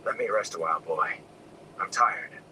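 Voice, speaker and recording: A man voicing a wounded, gruff older farmer who speaks in low, weary, hushed tones. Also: moderate pace, close to an everyday voice. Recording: distant mic with air conditioning noise.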